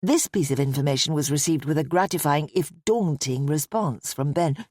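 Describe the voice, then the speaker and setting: A woman with a lowish voice narrating an audiobook in a measured, even way. The reading is close-miked and completely dry. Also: dry recording. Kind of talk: scripted narration.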